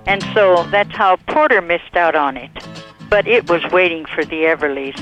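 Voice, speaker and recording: A man telling anecdotes as an interview guest, relaxed and rambling, with pauses to search for words. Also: on the high side, lo-fi sound, soft background music. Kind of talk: recalled anecdotes in conversation.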